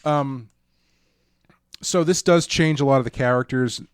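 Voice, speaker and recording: Halting man co-hosting a film podcast. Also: medium pitch, clear, resonant tone, dry recording. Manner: halting, many restarts and ums, dry jokes. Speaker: podcast co-host. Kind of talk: casual film discussion.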